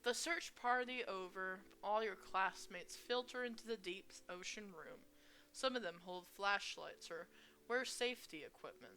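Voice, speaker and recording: A woman's voice: mid-range voice, bright, forceful tone, slight background noise. A young woman reading a visual novel aloud and adding crude asides. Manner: reads slowly, with crude asides. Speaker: gamer.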